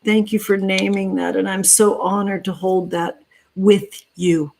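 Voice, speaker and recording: Out in the backyard, a tarot-reading livestream host croons to her viewers with pet names like honey and sweetheart. Her medium-pitched voice is level and a little mellow, with some vocal fry, a measured pace, and a faint hiss or hum in the background.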